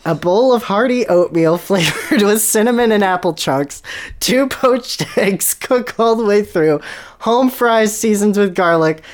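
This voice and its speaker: A podcast host putting on a Southern accent to play an older male preacher who serves as headmaster, praying in a loud, drawn-out manner. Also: expressive, natural voice. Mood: preaching. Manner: booming, preachy, drawn-out prayer.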